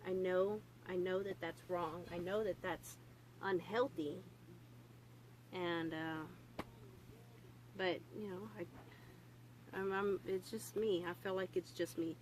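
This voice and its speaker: Halting young Southern woman vlogging. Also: lowish voice, fairly even intonation, slight background noise, poor audio. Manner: halting, full of fillers and restarts; candid and swearing. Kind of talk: casual confessional vlog. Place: home room. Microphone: phone on a stand.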